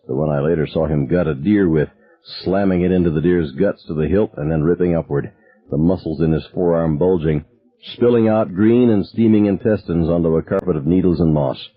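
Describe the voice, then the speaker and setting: An audiobook narrator, male, reads a novel in first person with a measured, somber delivery. His voice sits low and sounds husky. The recording is dry, squeezed into a narrow band like a phone line.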